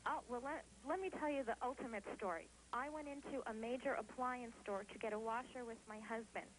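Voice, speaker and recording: A woman's voice: a little high, a little fast, slight background noise, poor audio. Gushing woman caller from New Jersey. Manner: gushing, chatty, laughs easily. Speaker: call-in viewer. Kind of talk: phone-in testimonial.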